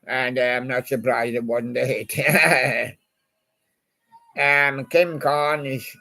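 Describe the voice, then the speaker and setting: A man's voice: medium pitch, little pitch movement, extremely slow, gravelly, bright, forceful tone. A man in a rambling, casual monologue, reminiscing about old songs and chatting to a toy badger. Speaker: channel host.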